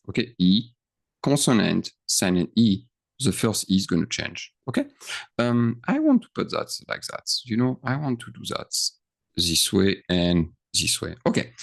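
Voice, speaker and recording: Slow, very deep-voiced teacher. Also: male voice, creaky. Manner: patient, checks in often, stretches words out. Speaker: French teacher. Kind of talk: slow explanatory grammar lesson.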